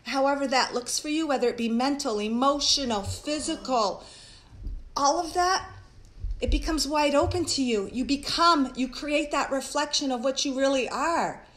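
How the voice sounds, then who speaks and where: Earnest higher-pitched woman giving a spiritual talk. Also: normal speed, a bit bright, low-quality recording. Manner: flowing, repetitive lists of phrases, addresses viewers as guys; earnest and heartfelt. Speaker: spiritual teacher hosting a live stream. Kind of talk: live-streamed spiritual talk.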